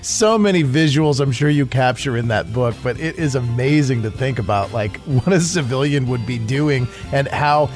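A man's voice: medium pitch, normal speed, few pauses, darkish tone, soft background music. A man hosting a podcast interview, chatting casually and reacting with easy laughter and enthusiasm. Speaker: podcast host.

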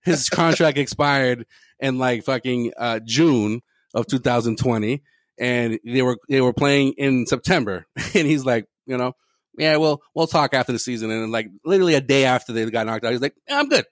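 A man's voice: medium pitch, normal speed, dry recording. A man co-hosting a casual sports podcast, rambling and profane, laughing often between points. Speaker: podcast co-host.

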